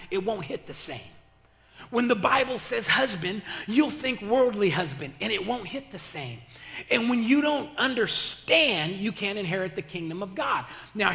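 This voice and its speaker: High gravelly preacher man in a hall. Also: sharp tone. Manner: impassioned preaching with call-and-response; colloquial, slangy. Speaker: pastor. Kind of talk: sermon. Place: church sanctuary. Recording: reverberant hall.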